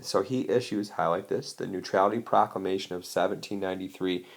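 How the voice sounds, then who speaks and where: Deep voiced guy teacher, bit of fry, laid back lecture w/ asides. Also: flat delivery, quick pace, hardly any pauses. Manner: casual, chatty explaining with asides. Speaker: history teacher. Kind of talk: recorded lecture over slides.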